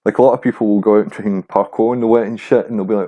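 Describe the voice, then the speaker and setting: Young dude rambling on his podcast, swears a lot, lowish mellow voice. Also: fairly even intonation, very fast. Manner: rambling, sweary, self-mocking. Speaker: podcast host. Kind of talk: casual solo podcast monologue.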